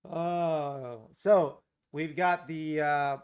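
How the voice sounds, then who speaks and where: A man from Los Angeles hosting a live day-trading stream, chatting casually with viewers in a relaxed, rambling way and chuckling often. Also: a little high, drawn-out words, clean tone. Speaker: day trading livestream host. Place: home trading setup.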